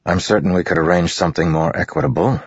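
A man voicing a weary, earnest older warlord prince who speaks in a measured, tired way, on a muffled audiobook recording. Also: sits low, fairly even intonation, slightly rough, no echo, voice pushed up.

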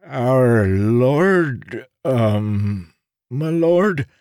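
A man voicing eager, lisping old male street beggars who plead for coins in a strained, high voice. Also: lively intonation, drawn-out words, darkish tone, smooth, no room sound, clean studio sound. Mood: frantic begging. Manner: pleading, greedy, high-pitched and frantic.

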